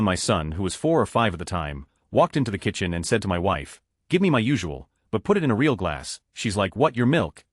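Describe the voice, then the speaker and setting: A man's voice: lowish voice, no echo, studio quality. A man narrating online posts as a series of numbered stories. He reads them straight through and voices the children's quotes in his own voice. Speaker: narrator of a story channel.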